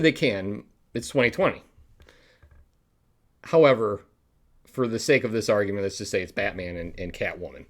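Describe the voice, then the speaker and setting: A man's voice: lowish voice, a bit bright. A man hosting a public access show, rambling through a sign-off and laughing at his own bad jokes. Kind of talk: rambling live sign-off chat.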